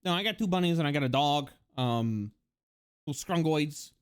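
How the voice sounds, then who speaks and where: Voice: medium pitch, expressive, normal speed, clean tone. A livestreamer in casual chat, rambling and joking with many fillers and laughs.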